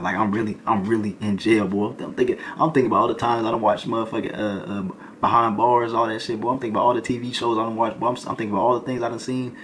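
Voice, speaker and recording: Telling a funny storytime, this young adult male streamer speaks in a voice on the low side, lively and full of slang like "boy" and "folk." A little hiss or hum sits under the recording.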